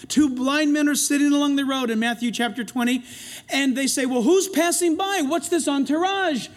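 An older man preaching a sermon in an animated way, acting out the voices in the stories he retells. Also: very high voice, moderate pace. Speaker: pastor.

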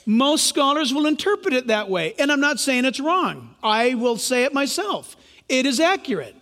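A man's voice: very high voice, big pitch swings, normal speed, a bit bright. A man preaching a sermon as pastor, emphatic and questioning the congregation. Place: church sanctuary. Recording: long hall reverb.

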